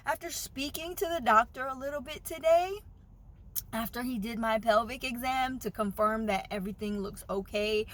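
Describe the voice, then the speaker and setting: A woman's voice: fairly high pitch, fairly bright tone. A woman talking openly and earnestly in a personal vlog, retelling a doctor's visit with feeling. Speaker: vlogger sharing a fertility journey.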